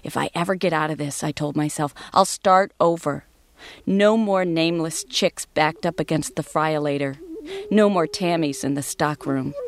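A woman reads a story aloud in a fairly low voice. Her delivery is wry and deadpan. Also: normal speed. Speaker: story reader. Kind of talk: dramatic story reading.

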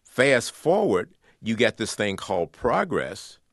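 A man with a fairly low voice speaks in an earnest radio interview, circling back and repeating words as he builds his argument. The sound is close and dry, with no room around it. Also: sing-song, slow, fairly bright tone, no echo. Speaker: author and guest.

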